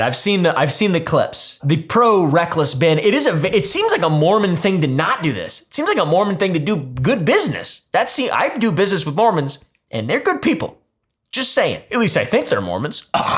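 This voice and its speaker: A man's voice: fairly high pitch, a bit bright. Sarcastic male commentary host. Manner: sarcastic asides, swears, restarts mid-sentence. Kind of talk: casual commentary storytelling.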